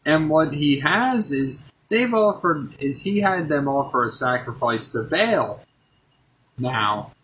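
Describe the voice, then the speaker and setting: A man's voice: fairly high pitch, animated, slow pace, a bit bright, poor audio. A man unhurriedly reads a Bible passage for his daily verse. He then explains it in a plain, earnest, chatty way, with the faint hum of a room behind him. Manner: earnest, conversational, slips into plain chat after reading. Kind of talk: scripture reading with casual commentary.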